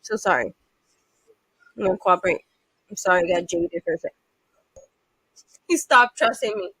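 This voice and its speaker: A woman's voice: medium pitch, very animated, brisk, gravelly, a bit bright, husky, no room sound, low-quality recording. A playful woman chatting her way through a video game, reading screens aloud and breaking into little hums. Her voice sits in the middle, recorded close on a mic with a dry, dead sound. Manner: playful, chatty, sings to herself. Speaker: gamer. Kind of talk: let's play commentary.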